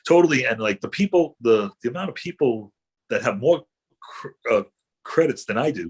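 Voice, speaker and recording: A man's voice: medium pitch, lively intonation, normal speed, breathy edge. A middle-aged man, an actor guest, telling rambling anecdotes in casual chat with many fillers and restarts.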